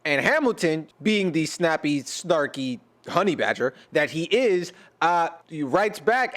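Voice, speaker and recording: A man's voice: fairly high pitch, very animated, unhurried, hardly any pauses, a bit bright. An American man giving casual reaction commentary as a YouTuber, rambling and joking with many fillers and restarts. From United States.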